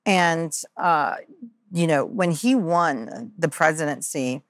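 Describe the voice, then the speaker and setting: A woman's voice: sits low, slow pace, no room sound, studio quality. A woman guest on a podcast telling a personal story candidly and earnestly, with many ums and uhs, and acting out the lines of people in it. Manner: earnest, lots of ums and uhs, acts out quoted dialogue.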